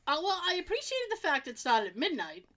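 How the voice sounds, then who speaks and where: A woman's voice: sits high, huge pitch swings, brisk, bright, forceful tone. A woman co-hosting a podcast, telling a story in casual chat with frequent laughs and fillers. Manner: chatty storyteller, laughs often, many fillers. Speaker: podcast co-host.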